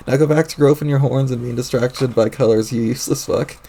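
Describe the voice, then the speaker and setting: A man voicing an angry, panicky young male troll who rants loudly and frantically and swears a lot, while reading a webcomic aloud on stream. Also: mid-range voice, steady tone, brisk, creaky. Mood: frantic. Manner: loud, ranting, frantic.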